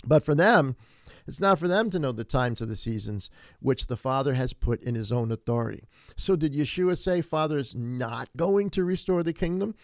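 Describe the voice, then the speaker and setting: Male pastor mid-sermon, mid-pitched, close and dry mic, preaches with climbing emphasis. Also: moderate pace, dry recording. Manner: animated preaching, rising to emphatic peaks, frequent restarts.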